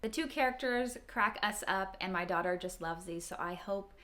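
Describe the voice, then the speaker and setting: A mother reading a children's storybook aloud in a gentle, expressive way. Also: mid-range voice, normal speed. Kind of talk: children's book read-aloud.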